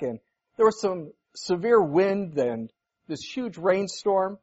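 Folksy pastor preaching, dull lo-fi sound. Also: male voice, high-pitched, a little mellow, slightly rough. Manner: folksy, anecdotal, acts out quoted voices. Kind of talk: conversational sermon. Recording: dull lo-fi recording.

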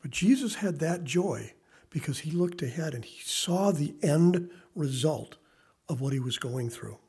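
Man preaching, loud swells and hushed asides. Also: a little high, lively intonation, unhurried, breathy edge. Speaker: pastor. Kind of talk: sermon.

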